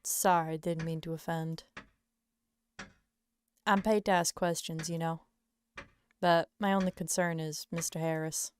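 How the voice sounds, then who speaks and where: Polite male private investigator voiced by a woman, lowered voice, slow, soft, Southern drawl. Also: steady tone, slight background noise. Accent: put-on Southern US.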